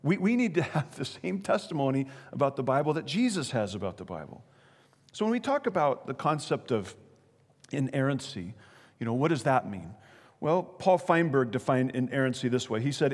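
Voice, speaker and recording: A man with a mid-range voice and big pitch swings speaks at a normal speed. Preaching in a long, reverberant hall, he keeps the sermon conversational, checking in often and asking the audience questions.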